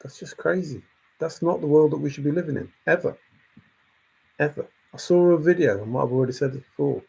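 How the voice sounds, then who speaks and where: Man, fairly high husky voice, exasperated casual rant, animated, keeps repeating himself. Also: brisk. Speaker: channel host.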